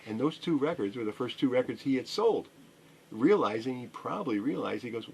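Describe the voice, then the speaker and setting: A man's voice: medium pitch, expressive, brisk, vocal fry, darkish tone, slight background noise. A middle-aged man who owns a record store, a radio interview guest telling a rambling story full of fillers and restarts.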